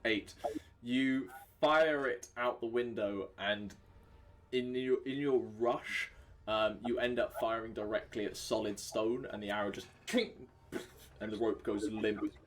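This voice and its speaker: A man running a tabletop game as game master, narrating scenes in a relaxed way with frequent fillers. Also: lowish voice, unhurried, a little hiss or hum.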